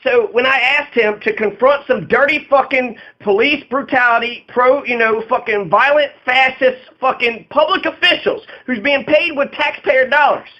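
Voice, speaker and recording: A man's voice: very high voice, moderate pace, few pauses, highs cut off. A man running for office, delivering a profane, aggrieved and rambling monologue full of fillers. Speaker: political candidate. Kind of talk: angry monologue about his arrests.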